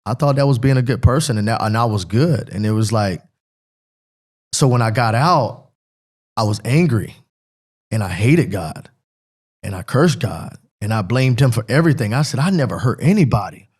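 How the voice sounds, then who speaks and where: Middle-aged man, personal testimony, rambling, repeats himself, earnest, mid pitch. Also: animated, normal speed, a little mellow, breathy edge. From Pennsylvania. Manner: rambling and repetitive, earnest, breaks up with emotion. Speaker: guest, former football player.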